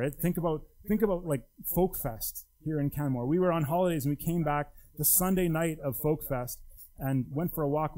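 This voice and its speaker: In poor audio, a pastor with a warm voice delivers a sermon. He speaks conversationally yet emphatically, his voice swinging widely up and down.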